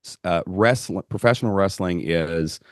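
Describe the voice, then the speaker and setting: Deep-voiced Kentucky host, dry sound. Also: male voice, moderate pace, no echo. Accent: Southern US (Kentucky). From Southeast Kentucky. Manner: animated storyteller, folksy phrasing. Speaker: podcast host. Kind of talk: casual interview chat.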